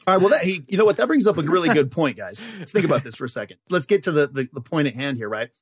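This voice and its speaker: A man's voice: fairly high pitch, sing-song, very fast, breathy edge, dry recording. Joking podcast man, dry close sound. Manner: spins crude comic bits, acts out quoted voices. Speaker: podcast co-host. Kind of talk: casual comedic podcast banter.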